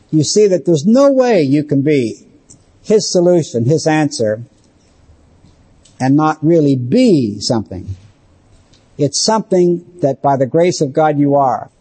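A man preaching a sermon, emphatic and slowing down to stress key phrases. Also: a little high, dark tone, husky.

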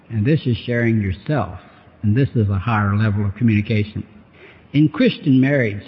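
Man preaching, emphatic and repetitive. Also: medium pitch. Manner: emphatic, repeats phrases for effect. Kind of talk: sermon on marriage communication. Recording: dull sound with long hall reverb.

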